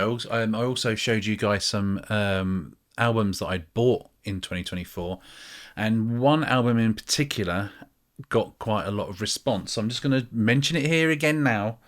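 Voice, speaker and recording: A British man chatting casually to camera as a music vlogger, rambling and self-mocking, with many ums. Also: mid-range voice.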